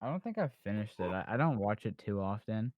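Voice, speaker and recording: A man's voice: on the low side, big pitch swings, quick pace, darkish tone, no room sound. A man hosting a podcast in casual chat, rambling with lots of fillers and restarts. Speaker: podcast host.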